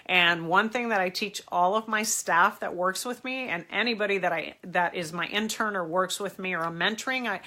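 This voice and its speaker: An American woman hosting a live-stream advice talk, speaking in an animated, emphatic way and addressing her viewers directly. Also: medium pitch, moderate pace, hardly any pauses. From United States. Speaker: host.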